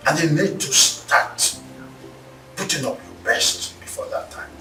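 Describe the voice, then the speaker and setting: A man's voice: fairly high pitch, animated, pushed and bright. An actor playing a stern, commanding father who forces his daughter to marry, with a Nigerian accent. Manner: cold, commanding, measured. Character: stern wealthy father forcing a daughter's marriage. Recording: roomy echo, heard from a distance, music behind.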